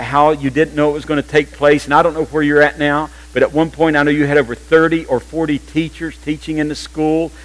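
An older man preaches to his congregation in a church. He is animated and humorous, and his voice sits somewhat high for a man. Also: poor audio. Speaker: pastor. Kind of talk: sermon.

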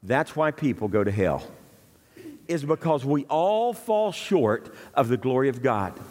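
A man's voice: mid-range voice, very animated, a little slow, a little mellow, big-room sound. A man preaching a sermon as pastor, earnest and emphatic, driving points home with repetition.

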